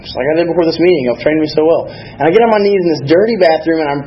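A man's voice: a little high, racing, lo-fi sound, slight background noise. A man telling his recovery story at a meeting, candid, rambling and self-deprecating. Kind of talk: personal recovery testimony.

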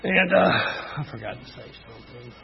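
A man's voice: medium pitch, lively intonation, moderate pace, vocal fry, lo-fi sound, a little hiss or hum. A middle-aged man giving a candid, rambling personal testimony at a recovery meeting, full of "you know" fillers. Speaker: speaker sharing recovery story.

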